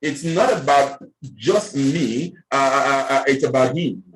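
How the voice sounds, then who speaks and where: A male minister preaching with a steady, repetitive cadence. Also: medium pitch, measured pace, slight background noise. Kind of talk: preaching a sermon. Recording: echoey room.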